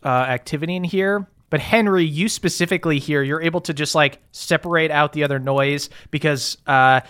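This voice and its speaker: Man, game master, fairly high voice, loose narration with fillers. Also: fairly bright tone, clear, resonant tone.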